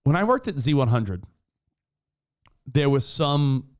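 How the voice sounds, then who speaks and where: A man co-hosting a talk show, telling stories in a profane, animated way. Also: mid-range voice, slow. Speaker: radio show co-host. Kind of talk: casual talk-show banter.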